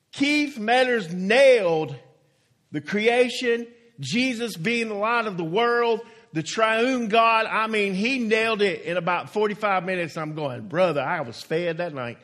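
In a folksy, emphatic sermon, a pastor leans hard on single words and stretches them out. His slightly bright voice is high for a man, and he moves slowly, giving each point time to land.

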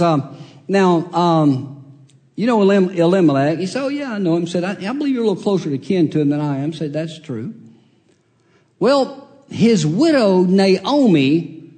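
Preacher, folksy storyteller, slightly high voice, hall reverb. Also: male voice. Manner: folksy, animated, acts out characters with big pitch jumps. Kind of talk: storytelling sermon. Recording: long reverb of a large hall.

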